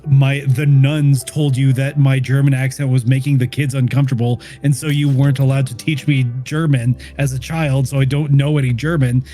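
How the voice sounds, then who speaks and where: A man's voice: mid-range voice, little pitch movement, moderate pace, few pauses, dark tone, faint music behind. A man hosting a game stream, telling long rambling stories in casual chat and swearing freely. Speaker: streamer host.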